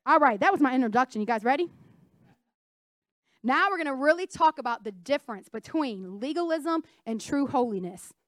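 Young female preacher, high pitch, dry close-mic sound, emphatic call-and-response sermon delivery. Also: animated, normal speed, dry recording.

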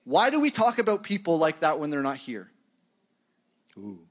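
A male pastor with a higher-pitched voice and huge swings in pitch preaches at normal speed. His sermon is loose and conversational, as if he's talking with friends, and he chuckles and pokes fun at himself whenever he wanders off on a tangent.

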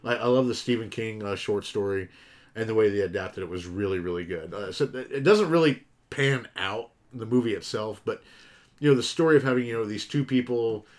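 A man's voice: on the low side, brisk. A man chatting casually about horror films on a podcast, laid-back and swearing freely. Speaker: podcast co-host.

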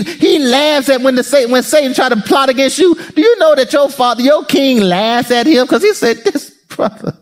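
A man preaching a sermon as pastor, playful and lively, laughing often and talking straight to the congregation. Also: very high voice.

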